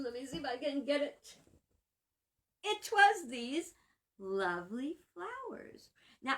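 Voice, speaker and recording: Bright, slow-talking woman minister. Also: fairly high pitch. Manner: chatty, laughs often. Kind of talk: casual storytelling vlog.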